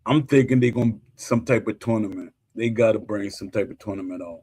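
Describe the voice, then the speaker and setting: A man with a New York accent in casual podcast chat, talking in a halting, drawled way with fillers. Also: fairly low pitch, mellow, slightly rough.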